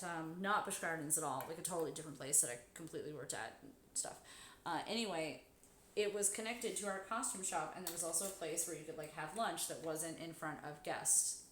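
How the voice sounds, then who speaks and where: A woman telling a story in casual chat while sewing on a live stream, swearing freely and bursting into loud, high exclamations. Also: normal speed, a little hiss or hum. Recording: echoey room.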